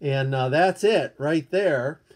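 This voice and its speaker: A man's voice: on the high side, slow pace. An older man hosting a rambling live-stream chat, greeting viewers and showing comics. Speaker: comic book YouTuber.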